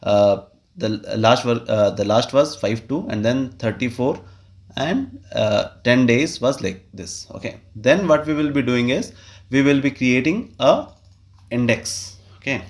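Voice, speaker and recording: Man, medium voice, screen tutorial narration, halting step-by-step explaining. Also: medium pitch. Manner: step-by-step, explains while clicking, frequent "okay" and "uh". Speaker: tutorial host. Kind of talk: screen-recorded software tutorial.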